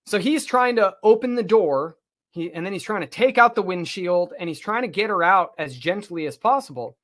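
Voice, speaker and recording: A man, a podcast co-host, telling a long personal story in casual talk, animated and swearing freely. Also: high voice, normal speed.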